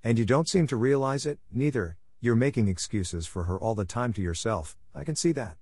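A man voicing a stern, strict middle-aged farm woman in an audiobook, brisk and scolding. The recording is dry and close. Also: mid-range voice, darkish tone, breathy edge, no echo. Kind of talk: audiobook character reading.

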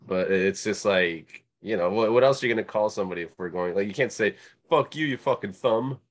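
Low-voiced man making crude jokes. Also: quick pace. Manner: crude, joking, laughing. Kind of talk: casual chat.

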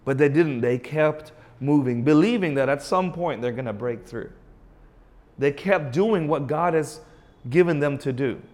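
A man preaching a sermon, emphatic and asking his listeners rhetorical questions, and drawing out key phrases slowly. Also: a little high, a little mellow. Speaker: pastor.

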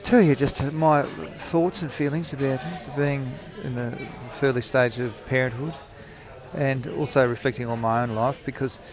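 A man's voice: medium pitch, fairly even intonation, normal speed, over music. A man in his forties, hosting a rambling, jokey, self-mocking solo podcast recorded in a cafe. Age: 40s. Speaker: podcast host.

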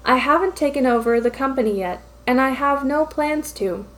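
A woman voicing a gruff, grumpy young male office manager who mutters curt replies in a fan fiction reading. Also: sits high, moderate pace, natural voice, low-quality recording. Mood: steady.

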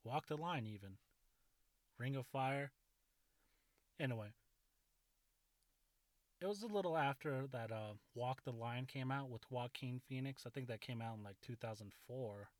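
A man's voice: mid-range voice, a little slow, pauses often, no room sound. Man, 30s, casual profane storyteller, rambling delivery, dry recording. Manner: rambling, profane, laughing often.

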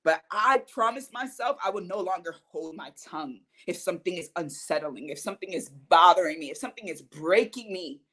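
A woman in her thirties speaks to her podcast audience in a personal motivational talk. She is earnest and emphatic. Her delivery swings between quiet, soft moments and loud, forceful lines. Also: lowish voice, lively intonation, brisk, few pauses. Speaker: podcast host.

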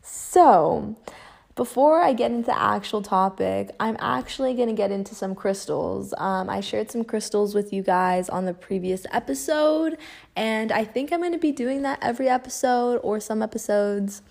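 A woman's voice: mid-range voice, expressive, moderate pace, creaky, darkish tone. A young woman hosting a casual podcast, telling stories in a chatty way, swearing often and laughing as she goes. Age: young adult. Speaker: podcast host.

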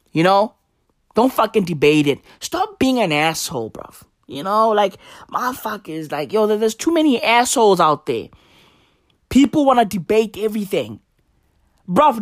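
A man rambles through a casual, profane rant full of slang. His voice sits a little high, and the sound is dry and close, with no room echo. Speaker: vlogger.

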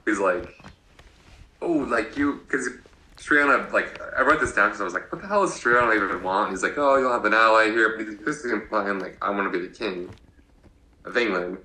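Man, low voice, bright tone, roomy echo, joking recap, quotes characters, podcast co-host. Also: animated, a little fast. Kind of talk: casual episode recap chat.

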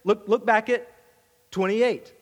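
A man's voice: sits high, fairly even intonation, slow, long reverb tail. A man preaching a sermon as pastor, talking in an emphatic, conversational way and often repeating words as he goes.

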